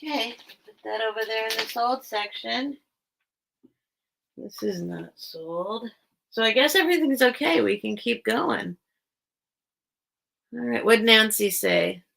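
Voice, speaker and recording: A woman's voice: fairly high pitch, expressive, unhurried, vocal fry, pauses often, a bit bright. A woman hosting a casual live-stream sale, chatting and reading out bids, often breaking off her own sentences. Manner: chatty, self-interrupting, reads out bids. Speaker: online live-sale seller.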